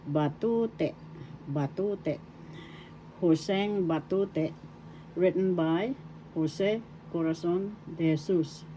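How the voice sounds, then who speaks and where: An older Filipino woman gives a language lesson at a very slow, careful pace. Her voice is mellow and dark, and she breaks each word into syllables and repeats it. A faint hiss of background noise sits under her voice. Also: fairly low pitch, poor audio. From Philippines. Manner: deliberate, repeats words syllable by syllable. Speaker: language teacher. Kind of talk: slow spelled-out pronunciation lesson.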